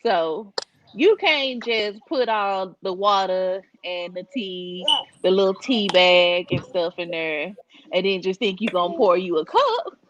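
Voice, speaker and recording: Woman, deliberate, slow talker, lo-fi dull sound. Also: mid-range voice, animated, a bit bright, slight background noise. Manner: deliberate, explains with analogies. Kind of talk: casual chat.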